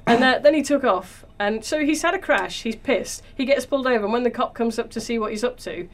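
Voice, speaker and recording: A woman's voice: fairly high pitch, brisk. A woman hosting a comedy podcast, chatting casually and laughing often as she talks. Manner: giggly, laughs often while talking. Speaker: podcast host.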